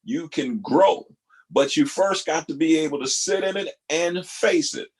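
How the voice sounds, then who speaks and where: A man hosting a talk, pausing video clips to reflect earnestly, repeating key phrases for emphasis. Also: a little high, slightly rough. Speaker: host reacting to video clips. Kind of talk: reflective spoken commentary.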